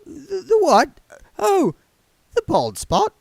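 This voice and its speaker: A high, jittery wizard bursar who stammers and trips over his words, as a man puts him on. The voice climbs well above the reader's own and keeps snagging on repeated syllables, and it sounds like a dry, close recording. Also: huge pitch swings, slow, no echo, heavily acted. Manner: stuttering, panicky.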